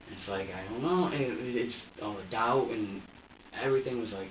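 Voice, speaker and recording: A man's voice: mid-range voice, fairly quick. A man in his twenties giving an agitated, profane and rambling police interrogation statement, full of restarts. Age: 20s. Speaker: suspect being interviewed. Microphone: room camera from a distance. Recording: roomy, distant, dull lo-fi with faint noise.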